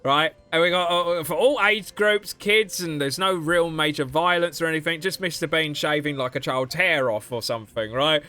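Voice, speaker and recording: A man's voice: on the high side, lively intonation, normal speed, few pauses, sharp tone. A young man chatting casually on a game livestream, chatty and giggly. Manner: chatty and giggly, often laughing mid-sentence. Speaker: streamer.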